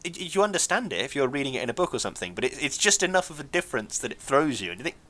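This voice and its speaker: A man's voice: mid-range voice, sing-song, rapid-fire, pushed and bright. Chatty English man. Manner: chatty, stumbling restarts, laughs often. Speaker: podcast co-host. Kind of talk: casual chat.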